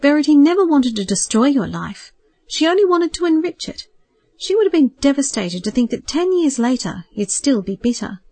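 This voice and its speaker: Woman voicing a gentle pleading mother. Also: sits high, sing-song, normal speed, no room sound, voice pushed up. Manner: gentle, coaxing, softly persistent. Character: warm worried middle-aged mother, gentle and pleading. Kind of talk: audiobook character voice.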